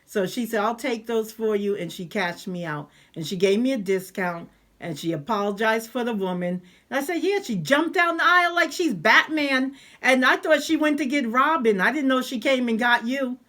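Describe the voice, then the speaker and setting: A woman with a somewhat high voice tells a personal story in a relaxed vlog. She is animated and acts out the voices of the people she quotes. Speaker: vlogger. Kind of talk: casual storytelling.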